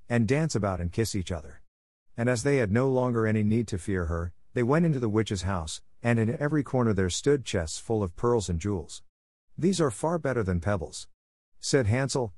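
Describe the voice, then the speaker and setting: Low voiced guy narrating a storybook, steady pace, dry sound. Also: no room sound. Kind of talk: storybook reading for learners.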